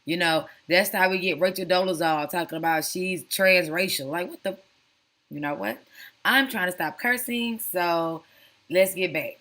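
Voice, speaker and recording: Chatty woman host with a lowish voice. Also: moderate pace, fairly bright tone. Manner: chatty, sassy, says honey and girl. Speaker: commentary channel host. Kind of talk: casual reaction commentary.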